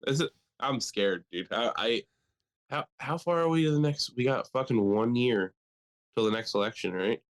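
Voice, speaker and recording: A man's voice: mid-range voice, moderate pace. Young male co-host, loose and profane, joking chat. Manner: profane, animated, jokey. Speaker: podcast co-host. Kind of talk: casual chat.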